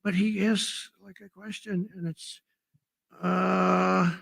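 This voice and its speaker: A man's voice: high voice, little pitch movement, slow, vocal fry, fairly bright tone. A man giving a rambling, off-the-cuff political speech at a conference, full of sarcasm and digressions.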